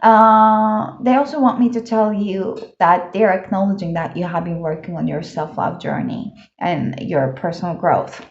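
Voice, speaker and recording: A woman's voice: on the low side, normal speed, hardly any pauses. A woman giving a casual pick-a-card tarot reading, chatty and enthusiastic, with lots of "uh" and "like" fillers. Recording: echoey room, dull lo-fi sound.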